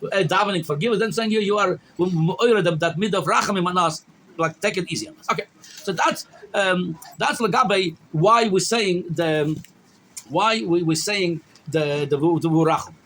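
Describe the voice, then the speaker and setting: High-voiced rabbi teaching a halting lesson. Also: male voice, fairly bright tone, slight background noise, poor audio. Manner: halting, many restarts, mixes Hebrew quotes into English. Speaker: rabbi teaching a daily law class. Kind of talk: halacha lecture.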